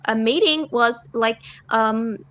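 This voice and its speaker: A woman's voice: a little high, takes it slowly, a bit bright, rough recording. A woman student answering her teacher in an online English class, carefully searching for words. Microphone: computer mic on video call.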